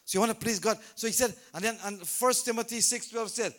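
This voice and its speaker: A man preaching in church, his voice pitched high and ringing bright. He tells the story with animation, acting out the scenes as he goes. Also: fast talker, few pauses. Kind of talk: sermon. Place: church service.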